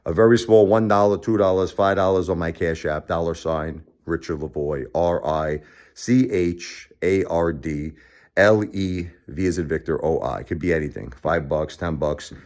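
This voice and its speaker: A middle-aged man talking straight to the camera, profane and emphatic, his voice swinging between low muttering and high shouting. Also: moderate pace. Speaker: vlogger. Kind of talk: angry personal vlog rant.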